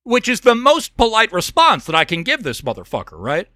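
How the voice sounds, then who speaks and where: A man hosting his podcast, ranting heatedly and profanely and often clearing his throat. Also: sits high, wildly swooping pitch, brisk, pushed and bright, no room sound, clean studio sound. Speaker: podcast host. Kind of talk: angry monologue rant.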